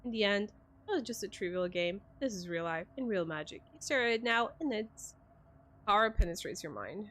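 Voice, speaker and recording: Woman streamer reading out game narration, steady and measured, middle pitch. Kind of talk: reading a story game aloud on a live stream.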